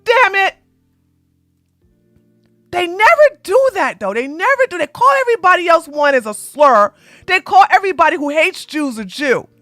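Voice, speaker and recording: A woman host doing live-stream commentary in an animated, sarcastic way, often breaking into laughter. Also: very high-pitched, moderate pace, no echo, studio quality, faint music behind.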